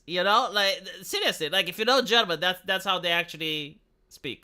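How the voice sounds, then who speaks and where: A man's voice: high-pitched, moderate pace, sharp tone, clear, resonant tone. A man hosting a live stream, giving casual political commentary in a sarcastic, rambling way with lots of fillers. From Romania.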